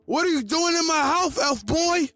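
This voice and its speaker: A man voicing an annoyed, bossy teenage girl who yells a lot. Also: high voice, lively intonation, a little slow, dry recording, faint music behind, voice pushed up. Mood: shouting. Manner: yelling, exasperated.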